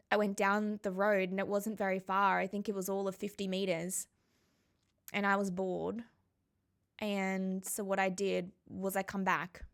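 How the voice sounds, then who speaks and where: A woman and spiritual coach telling a personal story to the camera in a reflective, heartfelt and conversational way, slowing down on emotional words. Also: mid-range voice, a bit bright.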